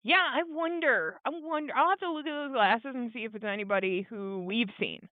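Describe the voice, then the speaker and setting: Woman co-host, higher-pitched, thoughtful, thin phone-like sound. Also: normal speed, dry recording. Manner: agreeable, reflective, wondering aloud. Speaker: podcast co-host. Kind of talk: casual recap chat.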